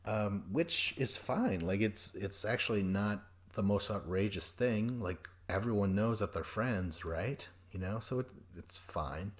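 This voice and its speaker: A man hosting a podcast, recapping a reality show in a rambling, profane way and acting out quoted people in quick voices. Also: on the low side. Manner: rambling and profane, jumps between notes. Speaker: podcast host.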